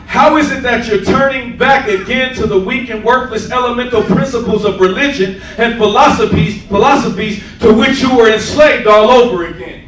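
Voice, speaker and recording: A man preaching a sermon and telling his own testimony, acting out scenes and laughing as he goes. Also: very high voice. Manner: animated storyteller, acts out scenes, laughs often. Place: church sanctuary. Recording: echoey church, mic from a distance, faint room noise.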